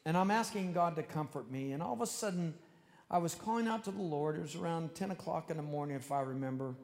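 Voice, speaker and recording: A man's voice: a little high, fast, gravelly. Earnest preaching man in a reverberant hall. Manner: earnest, conversational, speeds up in animated asides. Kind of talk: sermon storytelling to a congregation.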